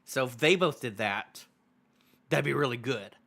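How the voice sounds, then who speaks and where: A young man reacting casually and excitably on a live stream, laughing often and repeating his phrases. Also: medium pitch, unhurried, vocal fry. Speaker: manga review streamer.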